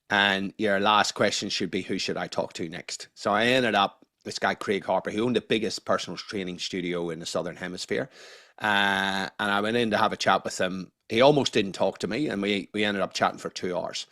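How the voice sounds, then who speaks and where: A middle-aged man speaks with a Northern Irish accent that carries a faint Australian lilt. His voice sits fairly low, and he tells his story in a candid, easygoing way, dropping the odd swear word. The sound is dry and close, with little room around it. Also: fairly even intonation, a little fast, a bit bright, no echo. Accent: Northern Irish with a slight Australian tinge. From Northern Ireland. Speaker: guest, neuroscientist. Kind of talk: casual interview chat.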